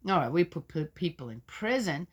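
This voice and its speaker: Lower-voiced woman reading scripture, arguing back. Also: very animated, moderate pace, slightly rough. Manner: interrupts herself with doubting, argumentative remarks; loud when reading, drops to mutters for asides. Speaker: scripture reader and commentator. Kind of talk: reading aloud with skeptical asides.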